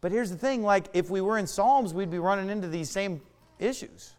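Guy preaching a sermon, highish voice all over the place, drags words out for emphasis, big hall echo. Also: fairly quick, smooth. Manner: emphatic preaching, stretched words and sharp swings of pitch and volume. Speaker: pastor.

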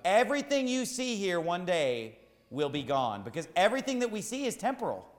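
A man preaching a sermon as pastor, emphatic and repetitive, rising to shouts at times. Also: high-pitched, huge pitch swings, brisk, roomy sound, big-room sound.

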